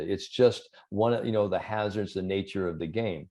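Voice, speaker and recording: A man being interviewed as a sports psychologist, talking in a relaxed conversational way and telling animated stories, with frequent "you know" fillers. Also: low-pitched, a little fast, few pauses.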